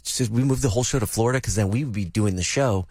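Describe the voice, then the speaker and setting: A man's voice: on the low side, quick pace, a little mellow, husky. A young man co-hosting a morning radio show, bantering and joking, then reading a promo. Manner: joking, upbeat ad-reads.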